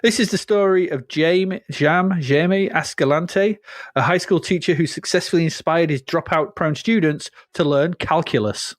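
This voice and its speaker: A man's voice: on the high side, moderate pace, no room sound, studio quality. A man co-hosting a casual podcast chat, rambling, laughing often and reading out film plots. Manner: rambling, laughs often, reads plot summaries aloud. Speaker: podcast co-host.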